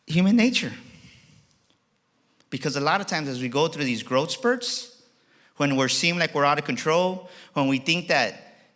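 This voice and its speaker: A man giving a motivational keynote speech to a live audience, energetic and acting out dialogue in changing voices. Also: on the high side, moderate pace. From Texas. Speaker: motivational speaker. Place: auditorium.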